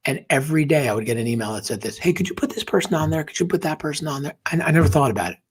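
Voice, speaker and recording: Husky man telling a heartfelt story. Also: fairly high pitch, lively intonation, racing. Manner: earnest, emotional, drops to a whisper at tender moments. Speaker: podcast guest. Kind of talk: personal storytelling in an interview.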